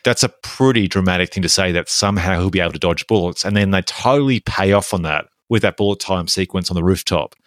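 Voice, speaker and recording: A man's voice: low-pitched, fast, few pauses, a bit bright, no room sound, studio quality. A man co-hosting a podcast, talking about movies at length in an enthusiastic, analytical way. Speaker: podcast co-host. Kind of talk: casual film discussion.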